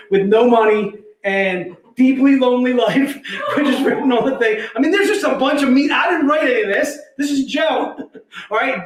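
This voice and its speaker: A man hosting a casual live sales stream from an office, joking around, laughing often and calling people "dude". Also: high voice. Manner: jokey, laughs often, says "dude" a lot. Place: company office. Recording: roomy echo.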